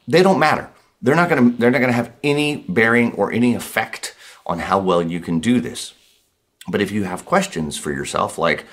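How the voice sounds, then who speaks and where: A man teaching a blues guitar lesson, speaking in a relaxed, reassuring way, repeating points for emphasis and counting beats out loud while he plays. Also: fairly low pitch, brisk. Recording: guitar playing behind the voice.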